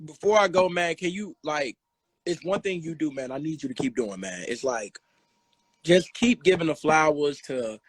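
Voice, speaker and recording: A man hosting a casual talk, emphatic and sometimes dropping into a low, earnest tone. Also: lively intonation, moderate pace. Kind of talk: casual chat.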